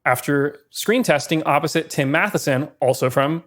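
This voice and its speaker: Guy cohosting a movie podcast, kinda high voice, quick dry asides while he reads off notes. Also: fairly bright tone. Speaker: podcast co-host. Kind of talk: casual film-history chat.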